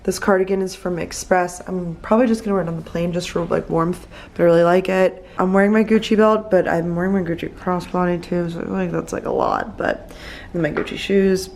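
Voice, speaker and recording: A woman in her twenties, vlogging in a chatty, excitable way, full of "like", filmed at arm's length indoors. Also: fairly low pitch, a little fast, vocal fry, poor audio. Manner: chatty, lots of likes, easily excited. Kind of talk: casual chat to camera. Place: apartment and hotel room, indoors.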